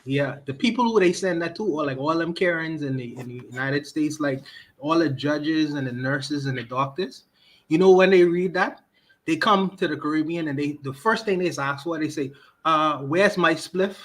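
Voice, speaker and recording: A man from the Caribbean spins a teasing story in casual livestream chat. His voice sits a little high, and his delivery is loose and lively. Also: normal speed. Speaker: podcast guest from the Caribbean.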